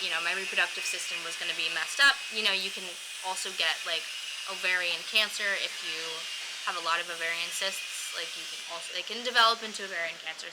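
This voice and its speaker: A woman's voice: lowish voice, noisy background. A young woman casually telling her own story, chatty and blunt, swearing freely and acting out what others said. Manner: chatty, swearing, lots of "like" fillers, mimics others in quotes.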